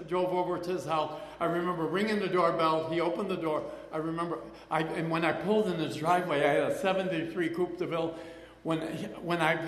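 A man's voice: fairly high pitch, a bit bright. An older man speaking at a recovery meeting, telling his personal story in a chatty, rambling way with frequent laughs and repeated phrases. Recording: echoey hall with long reverb.

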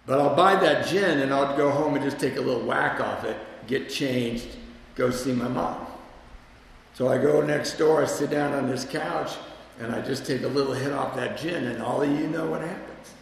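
A man's voice: medium pitch, moderate pace. A man telling a candid, self-mocking personal story about his past drinking, with wry humor. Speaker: speaker sharing a recovery story. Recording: echoey hall with long reverb.

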